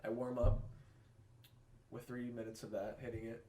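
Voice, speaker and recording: A man's voice: mid-range voice, normal speed. A young man co-hosting a podcast, chatting casually with plenty of laughter and swearing. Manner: laughing, profane, excitable. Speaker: podcast co-host. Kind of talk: casual chat. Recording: echoey room, faint noise.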